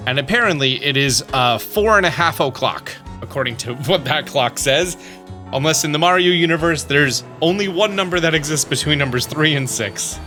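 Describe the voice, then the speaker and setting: A man's voice: on the high side, lively intonation, moderate pace, sharp tone, faint music behind. A man hosting a video game walkthrough, explaining steps in a casual manner.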